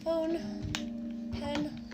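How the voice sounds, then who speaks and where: A woman live streaming from home on a phone held in her hand, cooing affectionately to her pets in casual baby talk, with loud music playing behind her. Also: extremely high pitch, little pitch movement, drawn-out words, poor audio. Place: home, indoors.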